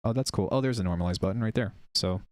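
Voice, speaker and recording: Low-voiced male streamer, casual and rambling. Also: quick pace, darkish tone, slight background noise. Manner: rambling, hesitant, chatty with viewers. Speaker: music producer streamer. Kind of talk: casual live-stream software demo.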